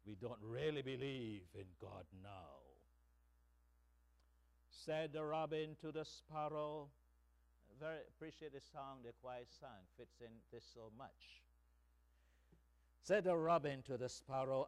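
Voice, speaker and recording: A man preaching a sermon as pastor, slow and emphatic, tossing in rhetorical "hmm?" asides to the congregation. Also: mid-range voice.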